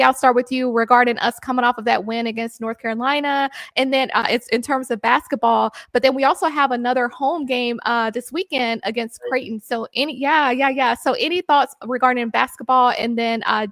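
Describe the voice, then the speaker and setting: A woman hosting a casual sports chat, chatty and quick to tease and laugh. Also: high voice, fairly bright tone, dry recording. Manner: chatty, laughs easily, teasing. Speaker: podcast host.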